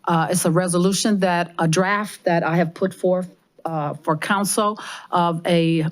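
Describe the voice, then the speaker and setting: A woman's voice: fairly low pitch, steady tone, unhurried. Hesitant American woman introducing a speaker. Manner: hesitant, many uh fillers. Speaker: council vice president.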